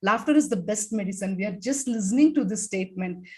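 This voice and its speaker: A woman leading a guided laughter exercise on a video call, talking with many fillers and demonstrating laughter sounds in loud bursts. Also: medium pitch, lively intonation, quick pace. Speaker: laughter yoga expert.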